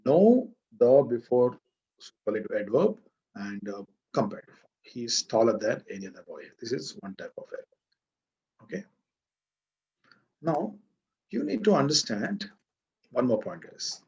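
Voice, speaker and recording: A man with an Indian English accent teaching a grammar lesson, speaking slowly and deliberately and stopping to quiz his students. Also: mid-range voice, big pitch swings, a little mellow, highs cut off. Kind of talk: classroom grammar lecture.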